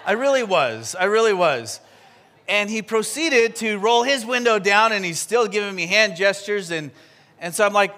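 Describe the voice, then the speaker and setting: A man, a pastor, preaching a sermon and telling a personal story in a lively, chatty way. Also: high voice. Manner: animated storytelling with quick asides.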